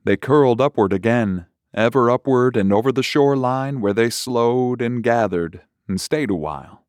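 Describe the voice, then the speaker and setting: A man reading a horror short story aloud in a measured, unhurried way. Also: medium pitch, a little mellow, no echo. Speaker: narrator. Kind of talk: scripted horror story narration.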